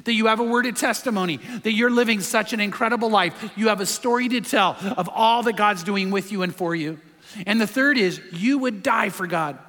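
A man's voice: sits high, a little fast, sharp tone, big-room sound. A man preaching a sermon as a pastor, emphatic and full of rhetorical questions.

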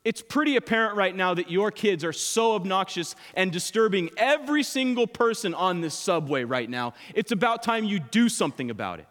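A man's voice: high-pitched, animated, brisk, few pauses, fairly bright tone, voice pushed up. Preacher doing an annoyed guy on the subway telling someone off, echoey hall. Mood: scolding. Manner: blunt, scolding. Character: irritated male subway passenger, blunt.

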